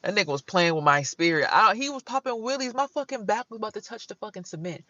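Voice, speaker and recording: Bright-voiced blunt woman reading tarot. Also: mid-range voice, fast talker, no room sound, muffled recording. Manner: blunt, animated, slangy, breaks into song. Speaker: tarot reader and vlogger. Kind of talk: casual tarot reading vlog.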